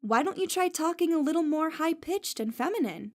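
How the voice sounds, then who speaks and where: A woman's voice: extremely high pitch, animated, a little fast, darkish tone. A woman reading the part of a teasing, affectionate young woman friend in an audiobook.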